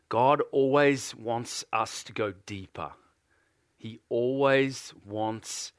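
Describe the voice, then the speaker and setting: Slow Australian preacher, close dry sound. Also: male voice, on the low side, fairly bright tone, no echo. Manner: earnest, repeats phrases, rising questions to the congregation. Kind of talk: sermon.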